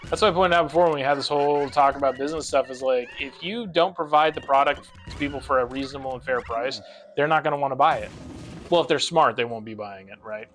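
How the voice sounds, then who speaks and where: A man's voice: medium pitch, quick pace, a bit bright. A young man rambling and ranting with frequent swearing while chatting on a casual gaming stream, with game music behind him.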